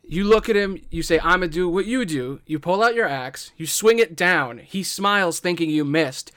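A man's voice: sits high, moderate pace, fairly bright tone, clear, resonant tone, dry recording, clean studio sound. A man narrating a tabletop game as game master, in a playful way with frequent laughter.

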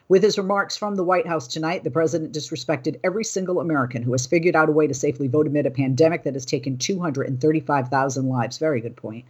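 A woman hosting a news commentary show, reading political quotes and then riffing on them in an animated, indignant way. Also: sits low, slightly rough, muffled recording. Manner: animated, indignant, talking off script. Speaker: host.

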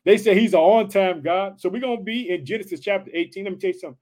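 Preacher guy, high voice, pumped up, keeps saying guess what. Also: fast talker. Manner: excited, repeats "let me tell you something" and "guess what". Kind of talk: online sermon and prayer.

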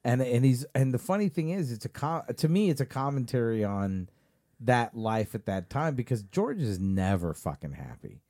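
Animated, swearing podcast man. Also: medium pitch, moderate pace. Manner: animated, swears freely, laughs often. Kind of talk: casual chat.

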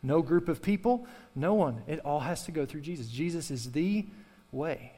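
A man's voice: fairly high pitch, lively intonation, moderate pace, dark tone, in a large hall, soft background music. A male pastor preaching a sermon with fervor, repeating key phrases and calling on the congregation to respond. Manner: impassioned preaching with repetition and call-and-response.

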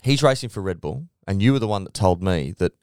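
A man co-hosting a casual sports podcast, telling stories with lively mimicry of team radio. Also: low voice, brisk, clean tone, dry recording, clean studio sound. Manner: animated storytelling, mimics radio chatter. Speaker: podcast co-host.

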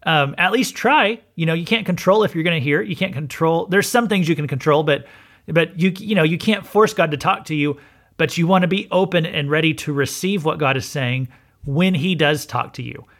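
A man's voice: a little high, moderate pace, a bit bright. Man teaching a casual Bible lesson. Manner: conversational, frequent "okay?" check-ins. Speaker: pastor and podcast host. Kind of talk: sermon-style Bible teaching.

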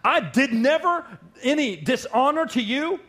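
A man's voice: very high voice, animated, a little slow, pushed and bright, voice pushed up, full character voice. A man voicing an indignant, resentful older brother who turns sarcastic with his father. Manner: pleading, sarcastic.

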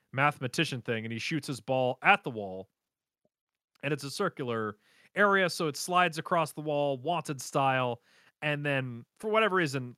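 A man co-hosting a casual podcast, animatedly retelling an anime plot with quick voice impressions and laughter. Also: mid-range voice, pushed and bright, no room sound, studio quality. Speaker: podcast co-host recapping an anime. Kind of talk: casual chat.

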